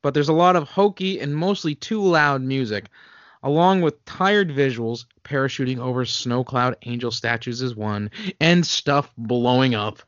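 A man's voice: mid-range voice, normal speed, fairly bright tone, no echo, dull audio. A man on a podcast reading critics' reviews in a wry, casual way. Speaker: podcast co-host.

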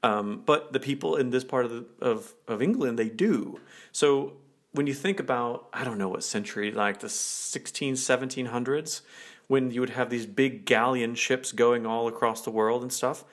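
A man's voice: medium pitch, moderate pace. A man, co-hosting a casual chat and explaining things with lots of fillers. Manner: chatty, explaining with many fillers. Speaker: co-host.

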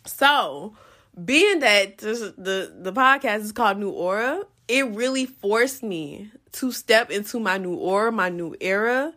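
Telling a personal story on her podcast, a young woman is casual, animated and profane, often leaping into loud re-enacted quotes. As host, she speaks a little slowly in a mid-range voice.

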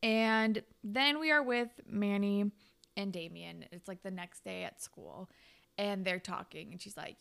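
A young woman casually recapping a TV episode, laughing often and quoting characters in high voices. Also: fairly even intonation, moderate pace, gravelly, fairly bright tone, clean tone.

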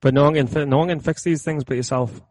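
A man's voice: a little high, steady tone, fast talker, a little mellow, no room sound. A man talking frankly as a podcast guest in casual chat, often repeating his phrases.

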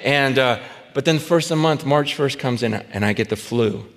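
A man preaching a sermon in a conversational storytelling way, full of fillers and restarts, acting out dialogue and sometimes rising to shouts. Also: medium pitch, moderate pace. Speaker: pastor. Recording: reverberant hall.

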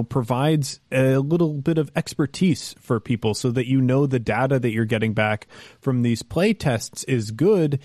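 A man hosting a tabletop game podcast, chatting casually and calmly sorting out microphone trouble. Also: mid-range voice, no room sound, studio quality. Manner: relaxed, reassuring, talks through tech checks. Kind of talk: casual backstage chat.

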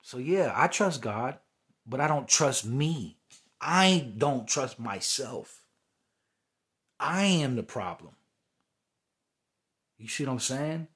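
A man's voice: mid-range voice, expressive, slow, pauses often, a bit bright, husky. A young man hosting a podcast, talking through a heated, rambling spiritual monologue that often circles back to "you know what I'm saying". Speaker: podcast host.

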